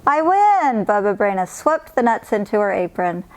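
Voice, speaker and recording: A woman reading a picture book aloud in a calm, clear storytelling manner. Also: medium pitch, moderate pace. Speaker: storybook reader.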